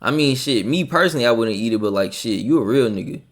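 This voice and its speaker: A man streaming live, reacting to a video with profane, incredulous commentary that swings from loud outbursts to mumbled asides. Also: medium pitch, animated, fast.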